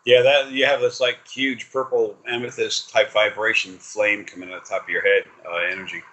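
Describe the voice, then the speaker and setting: A man's voice: fairly low pitch, level tone, brisk, a bit bright, poor audio. A man giving a casual spiritual reading over a video call, rambling and swearing, with many fillers and restarts. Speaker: spiritual reader.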